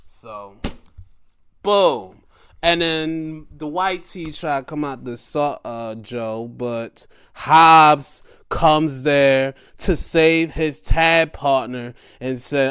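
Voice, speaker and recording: A man hosting a podcast and recapping wrestling and baseball in a casual, playful way, sometimes jumping into high mocking voices. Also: takes it slowly, a bit bright, clean tone. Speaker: podcast host.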